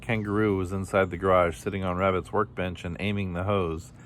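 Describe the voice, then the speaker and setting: A man with a low voice reading a children's story aloud. He tells it plainly and steadily, and a faint hiss sits under the voice. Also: little pitch movement, a little fast. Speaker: storybook reader.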